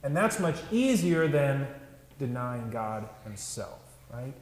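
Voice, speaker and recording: A man's voice: medium pitch, very animated, slow pace. A man, a pastor, preaching a conversational sermon with frequent asides to the congregation. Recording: echoey church with long reverb.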